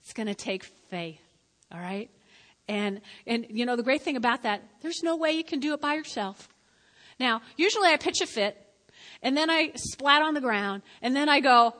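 A woman pastor preaching a sermon to her congregation. She speaks emphatically, repeats her key lines, and swings between loud and quiet. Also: on the high side, expressive, normal speed. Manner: emphatic and repetitive, addressing the congregation directly. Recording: long reverb of a church hall.

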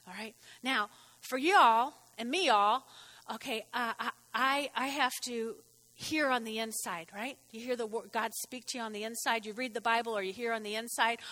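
A woman preacher giving a folksy, animated sermon, often repeating her phrases. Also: high voice, in a large hall.

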